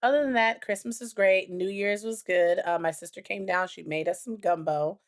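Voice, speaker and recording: Woman, podcast co-host, casual chat, rambling, animated, lots of fillers. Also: medium pitch, normal speed.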